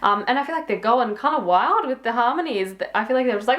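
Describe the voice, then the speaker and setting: A woman's voice: a little high, animated, quick pace, few pauses, a bit bright. A young woman chatting casually as she reacts to a song, full of "like" and "um", giggling often. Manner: chatty, lots of "like" and "um" fillers, giggly. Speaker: music reaction vlogger. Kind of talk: casual music reaction commentary. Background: song playing faintly underneath.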